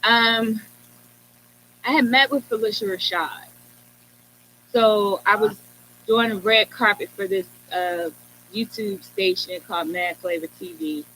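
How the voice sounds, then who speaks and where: Woman guest, storyteller, animated delivery, bright tone. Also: mid-range voice, measured pace, long pauses, slight background noise, low-quality recording. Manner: animated, quotes others in lively retelling. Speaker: guest, writer. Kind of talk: storytelling in conversation.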